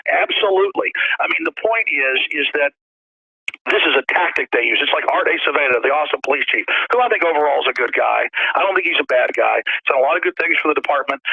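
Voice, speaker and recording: A man's voice: on the high side, breathy edge, no echo. A man hosting a talk radio show, ranting in an emphatic, repetitive way with stammered restarts. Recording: dry, tinny phone-like sound.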